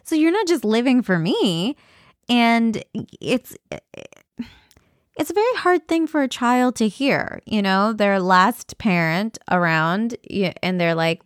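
A woman's voice: on the high side, lively intonation, slow pace, dry recording, studio quality. A young woman talking candidly in a personal vlog, rambling with fillers and restarts. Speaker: vlogger.

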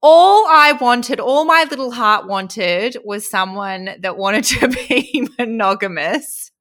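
A woman's voice: fairly high pitch, takes it slowly, a bit bright. A woman, hosting a casual podcast chat in a candid, chatty way and laughing often. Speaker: podcast host.

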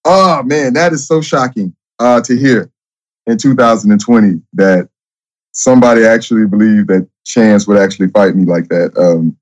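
A man who is a guest on a podcast, speaking casually, often halting and repeating his words. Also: fairly low pitch, a little mellow, lo-fi sound. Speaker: guest, former reality show contestant. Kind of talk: casual interview chat.

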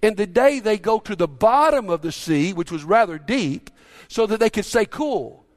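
A man's voice: sits high, animated, moderate pace. A middle-aged male pastor preaching a sermon, telling a story in a conversational way with frequent restarts and questions to the congregation.

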